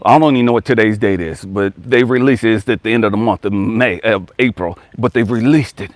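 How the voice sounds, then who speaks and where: A man's voice: on the low side, fairly quick, few pauses, no room sound. A man giving a motivational spiritual talk as a coach. He repeats his exhortations emphatically, tells stories in a slangy, conversational way, and swears casually.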